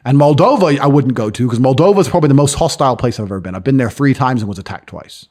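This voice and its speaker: A brash man telling stories at a fast clip, his pitch swinging widely as he acts out other people's lines. He swears freely and sounds boastful and sure of himself. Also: expressive, a little mellow. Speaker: podcast guest. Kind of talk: boastful storytelling in casual chat. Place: lives in London.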